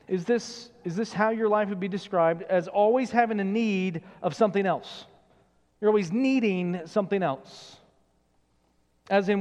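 A man's voice: high voice, a little mellow, big-room sound. A man, a pastor, preaching a sermon earnestly and questioning his listeners. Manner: earnest, questioning, acts out quoted voices.

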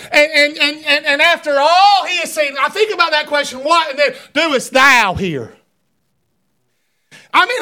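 Male preacher with a very high, bright voice; conversational, then fervent and shouting. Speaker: pastor. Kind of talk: sermon. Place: church sanctuary.

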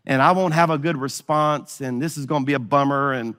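Animated preacher in a hall. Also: male voice, mid-range voice, a little fast, clean tone. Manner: animated storyteller acting out dialogue. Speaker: pastor. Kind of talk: storytelling sermon.

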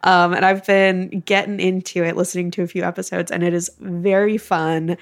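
A woman's voice: on the low side, little pitch movement, normal speed. A woman co-hosting a music podcast, chatting casually, bubbly and laughing often. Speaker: podcast co-host.

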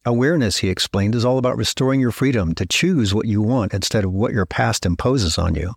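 A middle-aged man hosting a podcast, telling stories in a measured, reflective scripted narration that slows down to stress key words. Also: fairly low pitch, creaky, slightly rough, dry recording, clean studio sound. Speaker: podcast host.

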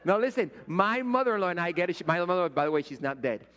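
Middle aged guy preaching, tells stories, gets loud then quiet, long church echo. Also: high-pitched, very fast. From Puerto Rico. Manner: animated storytelling preacher, swings from loud to hushed, repeats words. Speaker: pastor. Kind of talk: sermon. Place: church sanctuary. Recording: long reverb of a church hall.

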